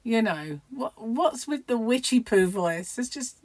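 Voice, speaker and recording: A woman's voice: a little high, expressive, measured pace, darkish tone, no echo, low-quality recording. A middle-aged woman vlogging at home in a rambling, chatty, self-mocking way. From United Kingdom. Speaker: crochet vlogger. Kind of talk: casual chat to camera.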